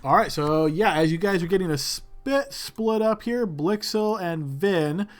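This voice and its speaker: A man's voice: high voice, unhurried, soft background music. A man narrating as game master for a tabletop role-playing game, describing scenes in a loose way with many fillers.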